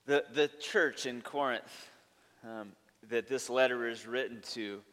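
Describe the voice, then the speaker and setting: A man's voice: mid-range voice, unhurried, a bit bright. A male pastor preaching a sermon, earnest and emphatic, stacking up long lists of points. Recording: long reverb of a large hall.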